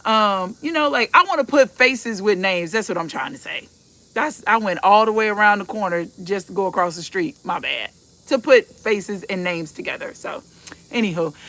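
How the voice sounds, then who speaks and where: A woman's voice: medium pitch, pushed and bright. A woman in her fifties hosting a casual livestream, chatting in a folksy way and calling her viewers y'all. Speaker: host of a livestream.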